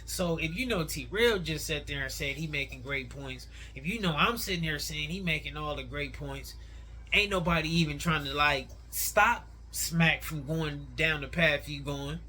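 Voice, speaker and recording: A man's voice: on the high side, moderate pace, bright, forceful tone, slight background noise. A man giving casual, opinionated reaction commentary, talking in a conversational way full of slang.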